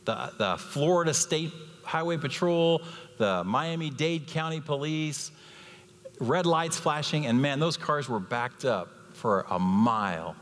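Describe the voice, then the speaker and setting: A man in his fifties with a fairly high-pitched voice preaches unhurriedly as a guest speaker, telling stories with lively, acted-out voices. The setting is a church sanctuary, and the sound has a long hall reverb.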